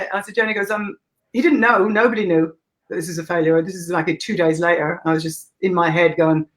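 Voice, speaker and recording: A woman's voice: lowish voice, quick pace, a bit bright, rough recording. An Irish woman in her thirties, a guest telling stories in a candid, casual way, swearing freely and laughing often. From Ireland. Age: 30s. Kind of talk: casual interview storytelling.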